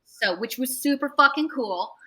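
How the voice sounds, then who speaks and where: A young woman, a tattoo artist, telling a long anecdote in a casual interview, animated, swearing freely and acting out other people's voices. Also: high voice, moderate pace, a crowd in the background.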